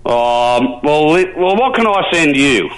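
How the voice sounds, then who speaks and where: A man's voice: on the high side, sing-song, a little slow, fairly bright tone, rough recording. Chatty older Australian man calling radio. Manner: chatty, colourful, jumps between topics. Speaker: regular radio caller. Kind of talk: talkback radio call. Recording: radio call.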